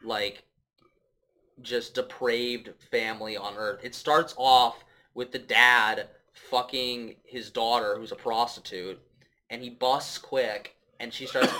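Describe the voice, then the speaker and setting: A man's voice: mid-range voice, sharp tone. A man hosting a casual podcast, retelling a story with lots of swearing and acted-out quotes.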